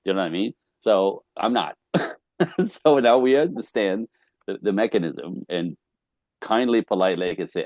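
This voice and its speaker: A man with a lowish voice chats easily about relationships, laughing often and slipping into little acted-out exchanges. His voice sounds dry and close, with no room around it. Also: moderate pace, a little mellow, no echo. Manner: chatty, laughs often, acts out quoted dialogue. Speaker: guest. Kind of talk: casual conversation on relationships.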